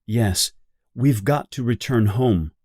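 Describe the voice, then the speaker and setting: A man voicing a caring, motherly young girl in a storybook reading, earnest and gentle. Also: medium pitch, takes it slowly, dry recording, studio quality.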